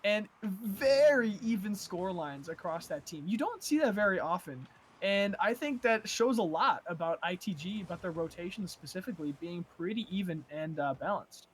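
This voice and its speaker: A man's voice: sits high, lively intonation, moderate pace, a little hiss or hum. Analytical male esports co-caster. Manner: analytical, many fillers and restarts. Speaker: color commentator.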